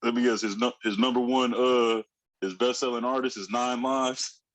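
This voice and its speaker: A man's voice: medium pitch, fairly even intonation, moderate pace. A man co-hosting a casual podcast, joking and laughing with his co-host.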